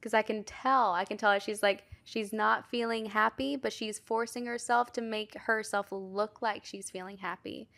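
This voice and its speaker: Gravelly young woman with teasing banter. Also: medium pitch, steady tone, normal speed, few pauses, fairly bright tone. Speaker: podcast co-host. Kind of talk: casual chat.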